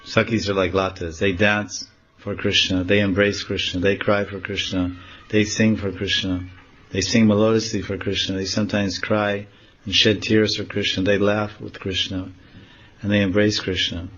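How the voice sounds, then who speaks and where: A man giving a devotional talk, telling a sacred story and explaining scripture in an animated way. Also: on the low side, moderate pace, highs cut off, a little hiss or hum. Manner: animated, acting out dialogue. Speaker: monk teaching scripture.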